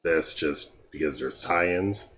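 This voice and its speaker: A tired, yawning man casually walking through a mobile game's heroes, relaxed and meandering with frequent ums. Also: extremely low pitch, takes it slowly. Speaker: game guide creator. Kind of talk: casual game walkthrough commentary.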